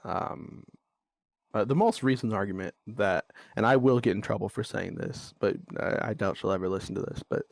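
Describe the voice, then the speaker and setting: A man's voice: fairly low pitch, normal speed, vocal fry, no room sound, studio quality. A young man hosting a podcast, talking bluntly and venting about co-parenting, swearing freely and getting exasperated. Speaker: podcast host. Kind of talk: candid monologue.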